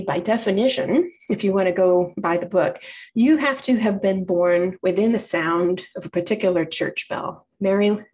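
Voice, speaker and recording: A woman's voice: medium pitch, a little mellow. Chatty woman lecturing. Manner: chatty, explanatory, frequent self-corrections. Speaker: library program presenter. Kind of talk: informal public lecture.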